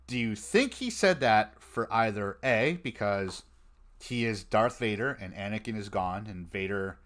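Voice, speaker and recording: A man hosting a fan podcast, chatting casually and excitedly, with frequent laughs and fillers. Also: fairly low pitch, a little slow. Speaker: podcast host.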